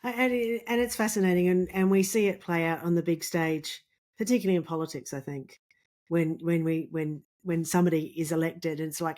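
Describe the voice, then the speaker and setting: A woman's voice: fairly low pitch, steady tone, a little fast, darkish tone. A woman hosting a leadership podcast, chatting conversationally, agreeing and thinking aloud. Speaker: podcast host. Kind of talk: podcast interview.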